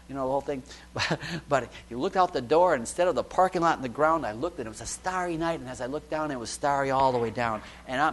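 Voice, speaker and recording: A man's voice: a little high, rough recording. Conversational man preaching a testimony sermon. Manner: conversational, frequent "you know" and soft laughs; dynamic, shifting between loud and hushed.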